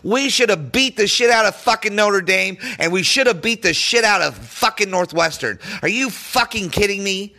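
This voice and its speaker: A man hosting a podcast, ranting furiously as a sports fan, profane and often shouting, his voice rising high when angry. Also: animated, moderate pace, few pauses. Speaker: podcast host.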